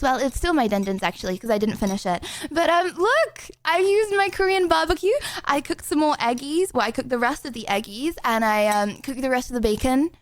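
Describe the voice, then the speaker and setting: A woman's voice: sits high, dry recording. A young English woman streaming from home, rambling and giggling through casual chat with viewers, with lots of fillers.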